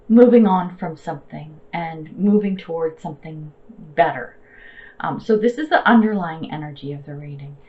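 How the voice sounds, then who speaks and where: A woman's voice: fairly low pitch, a little mellow. Chatty lo-fi woman reading tarot. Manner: chatty and reassuring, with fillers and slang. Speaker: tarot reader.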